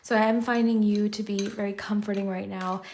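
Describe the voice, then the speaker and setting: A woman's voice: mid-range voice, level tone, fairly quick, darkish tone, slight background noise. A woman doing a pick-a-card tarot reading, chatty and reflective, often saying "I feel like". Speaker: tarot reader.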